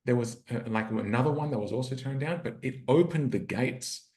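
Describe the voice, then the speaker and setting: A man's voice: mid-range voice, fairly quick, a little mellow. A man who is a relationship coach, telling a personal story in an earnest, reflective way and acting out his inner dialogue. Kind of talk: storytelling in a podcast interview. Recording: roomy echo.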